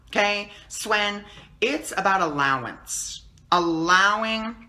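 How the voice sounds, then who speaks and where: A man talking calmly and teacherly on a live stream as a spiritual teacher, answering viewer comments and often checking in with "okay?". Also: sits high. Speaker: spiritual teacher and card reader.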